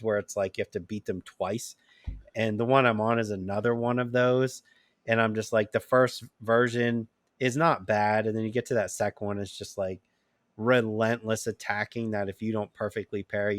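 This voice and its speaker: A man co-hosts a gaming podcast in a low voice, chatting loosely and filling his talk with "like." He laughs at himself as he goes. The recording is dry and close. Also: steady tone, normal speed, dry recording. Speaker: podcast co-host. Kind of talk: casual chat.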